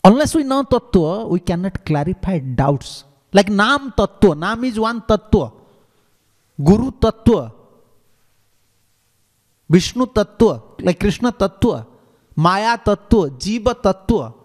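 Lively high-voiced man giving a sermon. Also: slow pace, long pauses, in a large hall. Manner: animated, in simple non-standard English. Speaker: monk giving a scripture class. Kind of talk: devotional lecture with storytelling.

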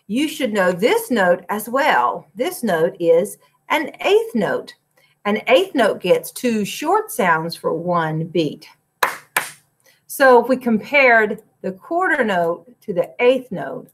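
A woman's voice: medium pitch, sing-song, slow pace, slightly rough. A woman music teacher, recording a lesson for young children from her classroom, clapping and chanting rhythms and breaking into short sung lines.

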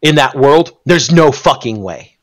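Animated man in casual chat. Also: mid-range voice, a little slow. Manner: animated, swears freely, stumbles and restarts. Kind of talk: casual discussion.

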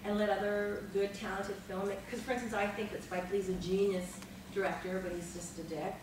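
A woman on a panel, telling animated, salty anecdotes to an audience in a large hall. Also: mid-range voice, brisk. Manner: animated storyteller, salty language. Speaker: guest on a panel. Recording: echoey hall from far off, noisy.

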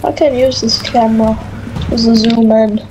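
Woman, higher voice, teasing gameplay banter, noisy game audio behind. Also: little pitch movement, moderate pace. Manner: teasing, playful trash talk with laughs. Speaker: gaming video co-host. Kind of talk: casual gameplay chat.

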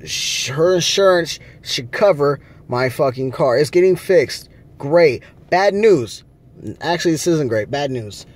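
Man venting to camera from a car, slow drawling delivery, slightly high voice, heavy cursing. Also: expressive. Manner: angry, profane ranting. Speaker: vlogger. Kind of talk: casual vlog rant.

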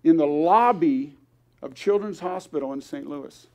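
A man's voice: fairly high pitch, unhurried, darkish tone. Older man, grandfather, church testimony, earnest storytelling, acts out quoted voices. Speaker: guest speaker. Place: church service.

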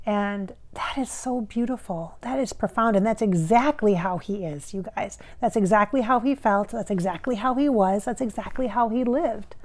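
A woman's voice: mid-range voice, a little mellow. Earnest woman channeler talking to camera. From Minnesota. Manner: earnest, emotional, addresses the spirit directly. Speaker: psychic channeler, channel host. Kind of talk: casual reaction talk to camera.

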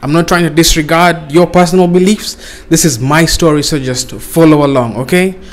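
A man's voice: fairly high pitch, normal speed. Guy rambling thru a funny story, lots of cussing n laughing. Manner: casual, profane, often laughing at his own jokes. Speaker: comedian. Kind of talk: comedic storytelling.

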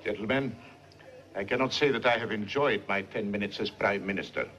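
An actor playing a principled prime minister in a 1950s film, speaking in a formal, measured and dignified way. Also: male voice, fairly low pitch, fairly bright tone, slight background noise, lightly acted. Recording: dull 1950s film soundtrack with music.

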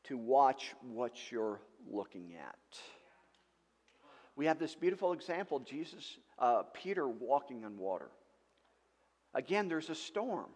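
A male pastor preaching a sermon in an animated way, with rhetorical questions and emphatic outbursts. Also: on the high side, big-room sound. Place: church sanctuary.

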